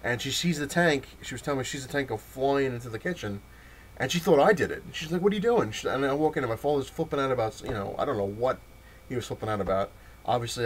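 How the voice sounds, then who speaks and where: A man's voice: medium pitch, a little hiss or hum. A man casually telling a long personal story in a rambling, wry way with many restarts. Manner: rambling, frequent restarts and fillers, wry laughs. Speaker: vlogger telling a childhood story.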